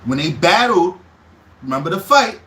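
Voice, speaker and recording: A man breaking down a battle rap on a casual live stream, quoting lines in a raised, animated voice and talking in loose slang. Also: high-pitched, normal speed.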